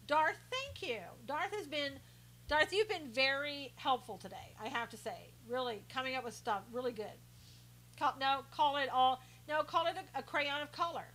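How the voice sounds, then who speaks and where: Woman live streamer, kinda high voice, sarcastic, laughing thru comments. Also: expressive, moderate pace, fairly bright tone, poor audio. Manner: sarcastic, laughing, reads viewer comments aloud. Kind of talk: casual live stream chat reading comments.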